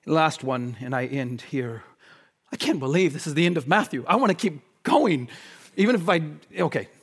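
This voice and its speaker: A man preaching a sermon, shifting between fervent, shouted appeals and quiet, hushed stretches. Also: on the high side. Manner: impassioned, swings from shouting to hushed.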